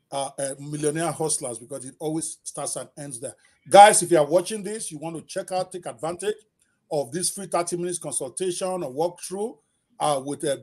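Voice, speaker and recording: A man hosting a live podcast interview, energetic and joking about his own speech. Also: on the high side. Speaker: podcast host.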